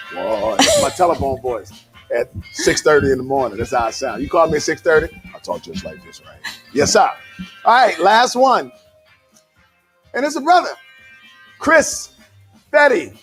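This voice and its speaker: Playful high-voiced man hosting a gala. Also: expressive, normal speed, vocal fry, pauses often, fairly bright tone, faint music behind. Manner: playful, sing-song, jokey. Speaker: emcee and comedian. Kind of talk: live gala hosting, raffle announcing.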